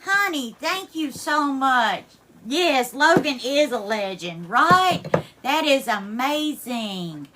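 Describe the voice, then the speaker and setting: A woman's voice: high-pitched, expressive, slow pace, background noise. A woman hosting a casual live stream from her home kitchen, teary-eyed and effusive as she thanks each viewer by name and calls them darling while she cooks. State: teary, near crying. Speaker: livestream host.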